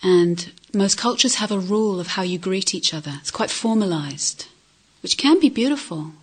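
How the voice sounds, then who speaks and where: A woman giving a reflective dharma talk as a meditation teacher, asking questions and often dropping to soft near-whispers. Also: medium pitch, animated, moderate pace, slightly rough. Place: retreat centre hall.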